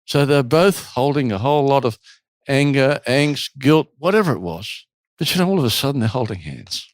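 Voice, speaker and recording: A man's voice: medium pitch, moderate pace, no room sound. A man who runs a retreat, telling a long story in an interview and acting out the people in it. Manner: animated storyteller, acts out quotes. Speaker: retreat host.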